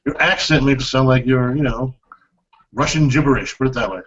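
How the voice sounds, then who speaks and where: A man's voice: mid-range voice, a little fast, a bit bright, lo-fi sound. A man co-hosting a casual livestream chat, laid-back and blunt, chuckling often. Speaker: co-host.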